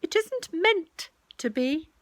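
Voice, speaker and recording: A woman's voice: extremely high pitch, animated, slow pace, a bit bright, no echo, voice pushed up, exaggerated voice. A woman voicing a fussy, polite rabbit in a storybook reading, prim and flustered. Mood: evasive.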